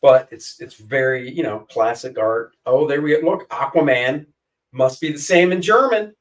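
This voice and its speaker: A man's voice: mid-range voice, moderate pace, recorded from a distance, low-quality recording. A man co-hosting a casual chat show, rambling and joking as he pages through comics. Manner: jokey, rambling, flips voices for quotes. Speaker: co-host.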